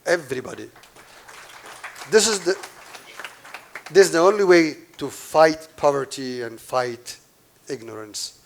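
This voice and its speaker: A man's voice: medium pitch, expressive, moderate pace, a little hiss or hum. A man giving a conference keynote to a live audience, emphatic and repeating his key points, with asides to the crowd. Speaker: keynote speaker.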